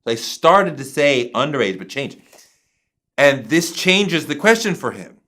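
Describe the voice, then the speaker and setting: A man's voice: fairly high pitch, big pitch swings, unhurried, pushed and bright. A man being interviewed who tells a story emphatically, acting out other people's lines and swearing casually. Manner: acts out quoted voices, emphatic, swears casually. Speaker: interview guest.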